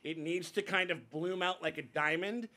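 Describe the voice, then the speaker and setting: A man's voice: high-pitched, moderate pace, pushed and bright. A man hosting a casual reaction show, talking in a rambling way with many restarts and some swearing. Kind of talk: casual chat.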